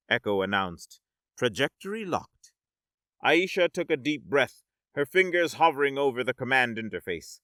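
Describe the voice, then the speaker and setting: A man narrating a science-fiction story in a dramatic, measured audiobook style. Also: medium pitch, pushed and bright, no echo, clean studio sound.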